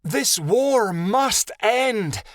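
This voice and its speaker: A resolute young she-wolf of legend cries out high and slow, every word drawn out with solemn command, as a male narrator raises his voice for her. The recording is dry and close, with no room around it. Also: lively intonation, breathy edge, no echo.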